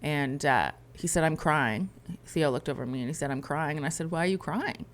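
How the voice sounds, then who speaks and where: A woman's voice: deep voice, fairly quick. A woman in her thirties co-hosting a podcast, telling a candid and emotional story in a rambling, heartfelt way. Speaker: podcast co-host. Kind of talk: candid conversation.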